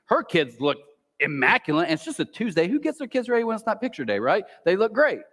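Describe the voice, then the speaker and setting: Animated male preacher in a reverberant hall. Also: sits high, fast. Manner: animated preaching, acts out a whispering inner voice. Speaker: pastor. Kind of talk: sermon. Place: large church auditorium.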